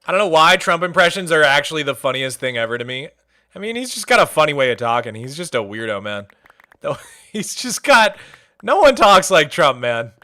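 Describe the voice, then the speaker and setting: Young male streamer, upbeat and jokey, bright voice that swings up and down. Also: a little high, fairly quick. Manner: animated, jokey, chatty, answers chat questions. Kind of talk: casual chat while playing a game.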